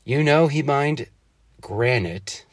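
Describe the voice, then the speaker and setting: A man's voice: animated, takes it slowly, no echo, clean studio sound. A man reading a story aloud, voicing a curious, chatty little girl at bedtime in a raised childlike voice. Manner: raised childlike pitch, sleepy questions.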